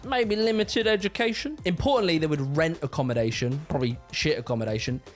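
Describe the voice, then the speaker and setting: A man narrating an explainer video, chatty and brisk with some casual swearing. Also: a little high, soft background music. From United Kingdom. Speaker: video presenter.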